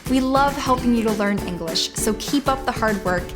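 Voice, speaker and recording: Higher-voiced woman teaching pronunciation. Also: moderate pace, over music. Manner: clear, encouraging, step-by-step instruction. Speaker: English teacher. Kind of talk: scripted pronunciation lesson.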